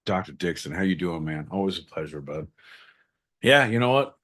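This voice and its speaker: A man's voice: sits low, normal speed, a little hiss or hum. A man hosting a podcast, joking around and playing listener messages. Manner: jokey, animated, crude. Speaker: podcast host. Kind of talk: casual podcast banter.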